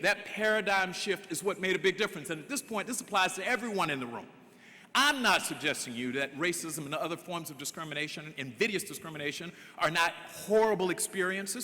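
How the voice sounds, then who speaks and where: A man speaking from a stage at a graduation ceremony, his voice fairly high and forceful. He slows down to land key words and shifts his tone to act out the people in his stories. The sound carries a long reverb from the large hall. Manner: emphatic, preacherly, draws out key words; acts out dialogue in his stories. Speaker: commencement speaker. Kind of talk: commencement address.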